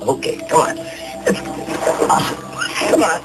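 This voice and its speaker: An actor playing a cold, controlling estranged father, clipped in anger and softly coaxing with his child. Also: slow, over loud music, close to an everyday voice, low-quality recording. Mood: soothing. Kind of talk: TV movie drama acting.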